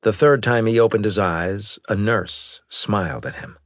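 A man reading a novel aloud as narrator in a measured, deliberate way. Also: lowish voice, dry recording, studio quality. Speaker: audiobook narrator. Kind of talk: scripted narration.

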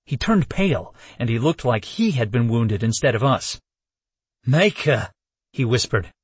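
A man narrating a first-person novel as an audiobook, telling the story in an expressive way. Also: mid-range voice, normal speed, breathy edge, no echo.

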